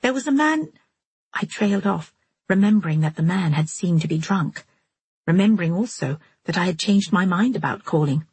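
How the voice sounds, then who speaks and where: Husky low-voiced woman narrator. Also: normal speed, darkish tone, no echo. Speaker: audiobook narrator. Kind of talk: scripted first-person narration.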